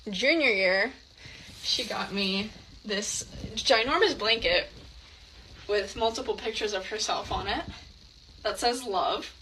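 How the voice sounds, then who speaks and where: A young woman talks straight to her camera in a relaxed storytelling way. Her voice is bright and forward, and she sounds amused as she runs through one event after another. There is a faint hum of room noise behind her. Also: medium pitch, poor audio. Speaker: TikTok creator.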